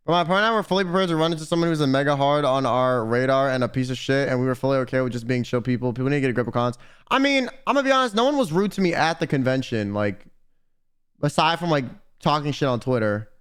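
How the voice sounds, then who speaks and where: A young man streaming, telling stories in casual, profane, animated chat. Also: mid-range voice, fast talker, smooth.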